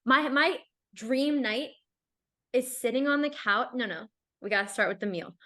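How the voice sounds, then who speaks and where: A woman's voice: a little high, normal speed. A young adult woman chatting casually as a podcast guest, talking openly with a lot of "like" fillers. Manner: chatty, frequent "like" fillers, animated. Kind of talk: casual chat.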